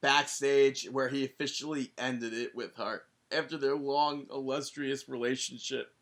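A man's voice: medium pitch, steady tone, a little slow, fairly bright tone. A man hosting a podcast in casual chat, jokey and often breaking off to restart his sentences. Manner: jokey, self-interrupting. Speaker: podcast host.

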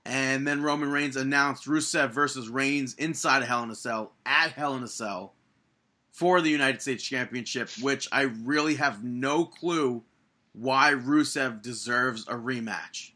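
Young man, bright tone, casual podcast chat, exasperated, opinionated. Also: medium pitch, measured pace. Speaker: podcast co-host.

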